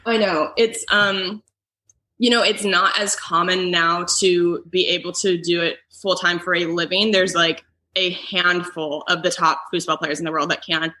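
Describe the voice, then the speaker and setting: Chatty young woman with a bright voice. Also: lowish voice, fairly even intonation, normal speed. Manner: chatty, lots of "like" fillers. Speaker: comedian and foosball player guest. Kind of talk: casual podcast chat.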